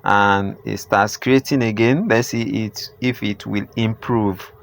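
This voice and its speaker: Low-voiced man walking through a tutorial. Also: steady tone, slow, vocal fry, faint music behind. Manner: repetitive, filler-heavy, instructive. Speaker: tutorial host. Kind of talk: step-by-step screen tutorial.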